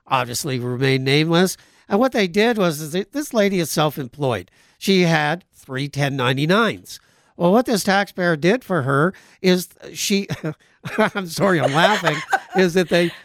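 A man's voice: on the high side, a bit bright, no room sound, studio quality. Earnest man explaining taxes on radio. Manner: earnest explaining with small restarts. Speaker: tax professional guest. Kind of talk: explaining on a radio talk show.

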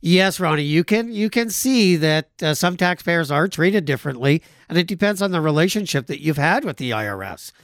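A man's voice: a little high, expressive, normal speed, hardly any pauses, no echo. Tax guy on a radio show, earnest, explains stuff, dry close mic. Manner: earnest explaining with small restarts. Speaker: tax professional guest.

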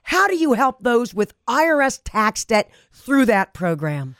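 A woman's voice: on the high side, very animated, a little slow, a bit bright, no room sound, studio quality. A woman hosting a radio talk show, asking her guest questions in an upbeat, emphatic way.

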